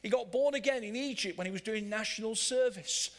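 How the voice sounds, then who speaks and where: An older, high-pitched man gives an animated church sermon. His delivery swings from forceful, loud stresses to gentle, stretched-out lines.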